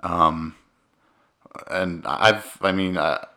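A deep-voiced man in his thirties, from Utah, co-hosting a casual podcast. He talks earnestly and with feeling, rambling and restarting as he goes. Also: extremely slow, pushed and bright. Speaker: podcast co-host.

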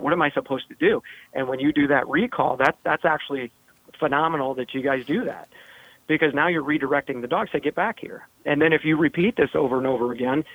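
A man's voice: on the high side, no room sound. A man who trains dogs, explaining step by step in a casual podcast chat. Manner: explanatory, breaks ideas down step by step. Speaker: podcast host, dog trainer. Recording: tinny phone-like line.

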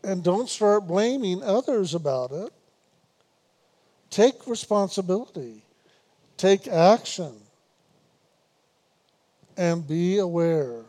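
A man giving a spiritual meditation talk, unhurried and repetitive, gently teasing his listeners and laughing now and then. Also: sits high, animated. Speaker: spiritual teacher.

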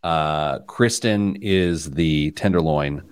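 A man's voice: rumbling low, takes it slowly, clean tone. Chatty, joking male money-show host. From Indiana. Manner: jokey, rambling, laughs at own stories. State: wired on caffeine. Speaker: podcast host, financial planner. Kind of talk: casual banter on a money show.

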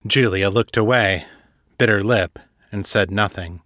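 A man narrating a fantasy audiobook in a steady, even storytelling voice. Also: fairly low pitch, measured pace, no echo, studio quality. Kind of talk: scripted narration.

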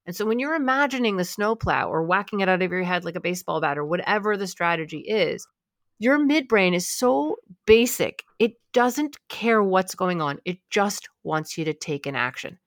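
A woman explaining how anxiety works in an emphatic, quick conversational way. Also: on the low side, animated, dry recording, studio quality. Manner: emphatic, quick, voices the anxious mind in asides.

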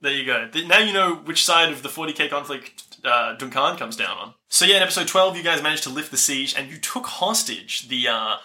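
Bright-voiced gm guy, casual recap, chill and chatty. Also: a little high, brisk, few pauses. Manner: relaxed, laughs easily, fillers. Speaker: game master. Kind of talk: casual recap of a tabletop campaign.

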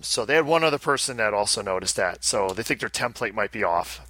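Bright-voiced rambling male podcast host. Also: lowish voice, expressive, fast talker. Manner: rambling, self-interrupting, chatty. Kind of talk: casual chat.

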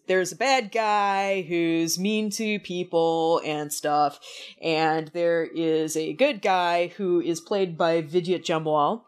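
Podcast co-host: woman, casual, enthusiastic, laughs a lot. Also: on the low side. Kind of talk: casual chat.

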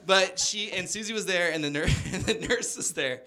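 Male stand-up comic in his thirties, bright tense voice, rambling story with acted-out quotes. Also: high voice, moderate pace. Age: 30s. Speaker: stand-up comedian. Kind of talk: stand-up comedy set. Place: stage before a laughing audience.

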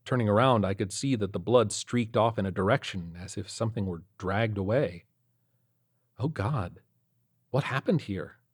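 A man tells a scary first-person tale in a low voice, letting the tension build line by line. His delivery stays steady and storyteller-like, pulling the listener toward each discovery. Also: moderate pace, breathy edge. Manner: tense, building suspense. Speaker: narrator.

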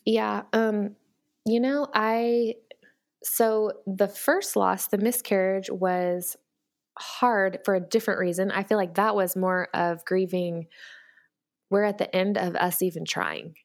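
A woman's voice: mid-range voice, fairly even intonation, takes it slowly, gravelly. A woman speaking earnestly and candidly as a guest, with many fillers and restarts. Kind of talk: personal storytelling in conversation.

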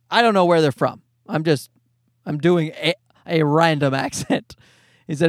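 A man in his forties, a comedian hosting his own podcast, telling a profane, animated story in a casual solo monologue. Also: a little high, normal speed, no room sound, clean studio sound. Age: 40s.

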